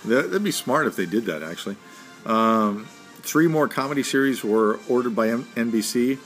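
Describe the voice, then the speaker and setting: A man's voice: medium pitch, lively intonation, moderate pace, fairly bright tone, soft background music. A man co-hosting a casual podcast, running through a list of TV news with joking asides. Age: adult with a son. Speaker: podcast co-host. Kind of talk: casual chat.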